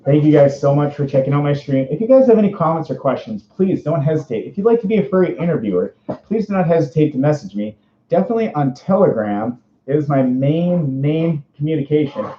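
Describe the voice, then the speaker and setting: A man in his twenties with a Minnesota accent, hosting a casual livestream interview. He talks from inside a costume suit, rambling, bubbly and quick to laugh. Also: on the high side. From Minnesota, USA. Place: indoors, speaking from inside a fursuit. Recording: roomy, dull lo-fi stream audio.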